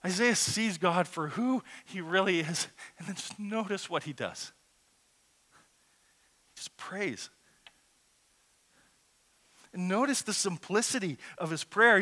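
A pastor preaching a sermon in an earnest, conversational way that swells into loud, emphatic peaks. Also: male voice, high-pitched, lively intonation, measured pace.

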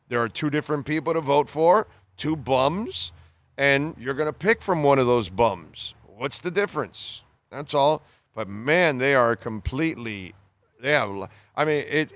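Reading listener messages aloud on his casual call-in radio show, a man delivers blunt, opinionated takes, swearing offhandedly and calling folks bro. His voice is mid-range, a bit bright and smooth, with no echo.

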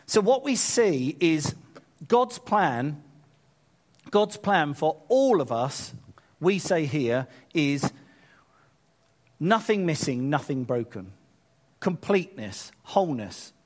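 A man preaching a sermon, retelling scripture in a lively paraphrase with casual asides. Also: a little high, slow, pauses often. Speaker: pastor.

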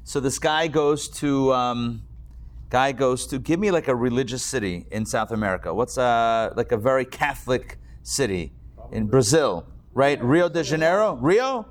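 A man's voice: mid-range voice, expressive, moderate pace. A man teaching a Torah class to a live audience, chatty and joking, with a lot of digressions.

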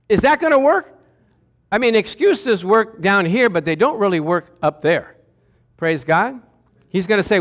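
A man with a high voice preaching a lively sermon in a church. He keeps calling out to the congregation for answers as he goes. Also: moderate pace. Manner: animated, calls out to the congregation for responses.

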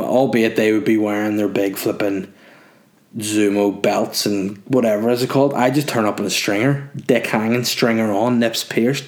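A man's voice: medium pitch, darkish tone. Male podcast host, casual and crude, rambles through listener questions with jokes. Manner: crude, joking, rambling with frequent ums. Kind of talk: casual solo podcast chat, reading listener messages.

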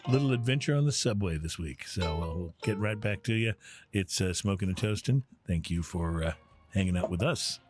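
A man's voice: sits low, animated, brisk, soft background music. A man hosting a casual podcast chat, playful and a bit hammy when he announces segments. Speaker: podcast host. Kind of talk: casual chat while tasting whiskey.

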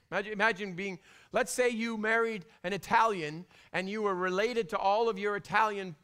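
Middle-aged man, pastor preaching, high-pitched, bright tone, lively swings from whisper to loud. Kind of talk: sermon.

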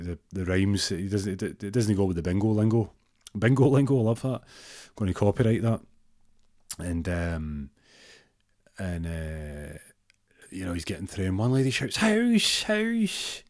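A man's voice: low voice, a little mellow, dry recording, clean studio sound. A man telling a funny story in a rambling way, full of fillers and restarts. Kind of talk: comic storytelling.

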